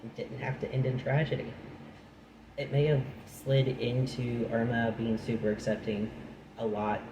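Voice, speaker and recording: A man's voice: medium pitch, level tone, normal speed. A man reading a nonfiction book aloud, breaking off into chatty, dry asides of his own. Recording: echoey room with noise.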